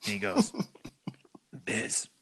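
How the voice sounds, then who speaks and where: A man's voice: lowish voice, a little slow, fairly bright tone, a little hiss or hum. A man talking as a guest on a casual chat podcast, telling a story hesitantly and with many fillers.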